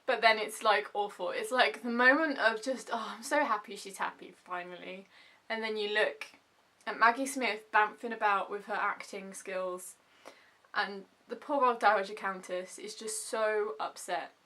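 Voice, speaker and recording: Woman, bright voice, chatty vlog recap, gushing, lots of "like". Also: medium pitch. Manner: gushing, animated, quick asides with lots of "like". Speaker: vlogger reviewing a TV episode.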